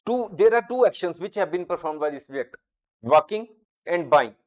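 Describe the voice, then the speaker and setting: A man with a somewhat high voice teaches a grammar lesson. He talks deliberately and draws out each example sentence as he reads it aloud. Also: expressive.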